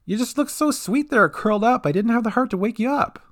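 A man voicing a sweet, jittery young female companion in a higher, excitable voice, in an audio story. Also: a little fast. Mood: gentle.

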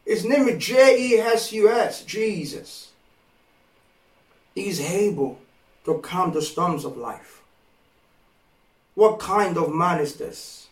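A man preaching a sermon, slow and emphatic, repeating phrases and rising to impassioned pleas. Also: high voice. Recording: echoey room from far off.

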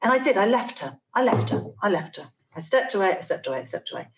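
A woman in her forties, a parent, telling a personal story in casual conversation, earnest and halting, with many restarts and repeated phrases. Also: medium pitch, very animated. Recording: roomy, echoey room sound.

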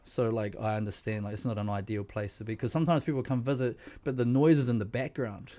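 A man's voice: mid-range voice, fairly even intonation, quick pace, warm tone. Easygoing New man telling stories. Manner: rambling, laughing storyteller full of fillers. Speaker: podcast co-host. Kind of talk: casual chat.

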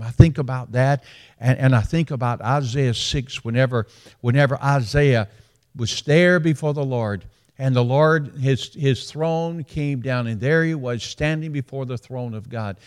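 A man's voice: medium pitch, unhurried. Preaching man with a Southern accent. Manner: preacherly, repeats phrases for emphasis, swings between hushed and raised. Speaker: pastor. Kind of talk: sermon.

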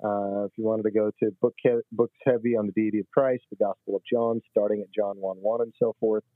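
A man's voice: lowish voice, flat delivery, brisk, no room sound. A man explaining scripture in a religious discussion, emphatic and teaching. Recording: tinny phone line.

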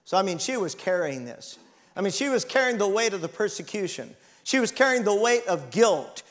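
A man's voice: sits high, big pitch swings, brisk, fairly bright tone. A man in his sixties preaching a sermon, reading scripture dramatically and calling the congregation to respond. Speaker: pastor.

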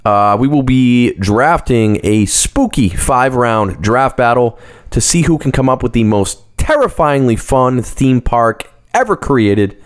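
Man, podcast co-host, casual chat, relaxed, rambling, mid-range voice. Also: medium pitch, a little slow.

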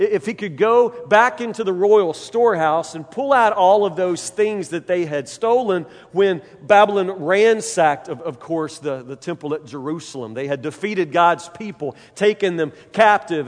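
A man preacher telling a Bible story in a sermon, animated and dramatic, often repeating his phrases. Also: high-pitched, moderate pace, hardly any pauses. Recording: long hall reverb.

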